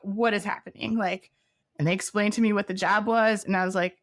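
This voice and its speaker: A woman's voice: medium pitch, fairly even intonation, brisk, no echo, clean studio sound. A middle-aged woman, a podcast guest, recounting her career candidly in a chatty way, full of "like" fillers and small laughs. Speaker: guest, former head of product. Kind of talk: candid interview storytelling.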